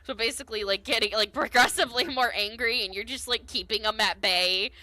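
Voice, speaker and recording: A woman narrating as game master of a tabletop game, casual and quick to laugh. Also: a little high, sharp tone.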